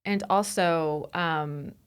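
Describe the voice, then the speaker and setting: A woman's voice: low voice, clear, resonant tone. A woman comedian chatting as a podcast guest in a studio, playful and joking. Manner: playful, joking, quick to laugh. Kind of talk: casual chat.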